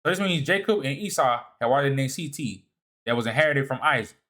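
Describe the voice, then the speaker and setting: A man talks his audience through a set of slides, stopping and restarting his phrases as he goes. He keeps asking "all right?" and "you see what I'm saying?", rising sharply on key points and dropping to quiet mutters in between. His voice sits at an ordinary middle pitch. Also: expressive, a little fast. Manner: repeats and restarts words, asks "all right?" often; swings from emphatic rises to low muttering asides. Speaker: presenter of a video series. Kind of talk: lecture walking through slides.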